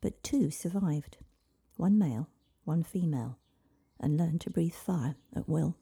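A wise old grandmother from a storybook, calm, knowing and a little wry, as a woman reads her. The voice is low, dark and breathy, with a gravelly rasp under the softness. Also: a little slow, exaggerated voice. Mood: storytelling.

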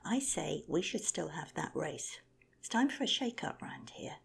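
A woman's voice: low voice, sing-song, measured pace, creaky, breathy edge, full character voice. A woman whispering as a muttering, defiant hawk. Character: rebellious muttering male hawk.

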